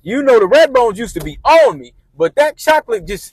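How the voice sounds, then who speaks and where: A man's voice: high-pitched, big pitch swings, moderate pace, breathy edge, no echo. A man telling a rambling personal story casually, repeating and restarting phrases as he goes.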